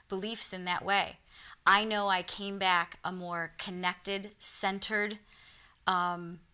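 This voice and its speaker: A psychic medium with a Michigan accent tells her own experiences earnestly as a guest on a TV talk show, acting out the voices she quotes. Her mid-range voice is pushed and bright, with a clear, resonant tone.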